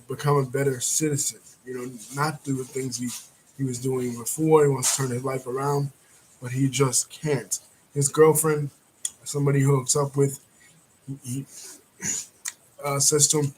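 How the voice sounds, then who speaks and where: A man at a mid-range pitch walks through a film's plot in a loose, rambling way. He clears his throat often and fills gaps with "you know". A faint background noise runs underneath. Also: level tone, normal speed, rough recording. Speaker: movie reviewer. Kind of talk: casual plot recap.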